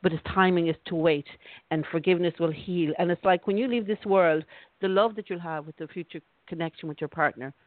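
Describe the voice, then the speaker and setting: A woman's voice: fairly low pitch, a little fast, dry recording. A woman hosting a call-in psychic show, giving a rambling, reassuring reading with frequent restarts. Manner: warm-hearted, rambling, restarts often. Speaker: radio show host, psychic. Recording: dry, tinny phone line.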